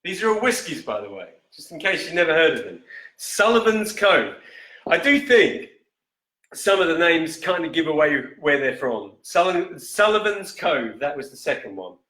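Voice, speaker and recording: A man hosting a live-stream whisky quiz in a casual, chatty way, reading each question slowly and repeating it. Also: on the high side, sing-song, sharp tone. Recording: echoey room.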